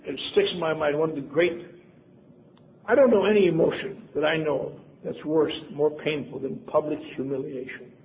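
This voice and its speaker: A man's voice: fairly high pitch, normal speed. An older man from Wisconsin telling a personal story with wry, self-deprecating humor. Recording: tinny phone-like sound, faint noise.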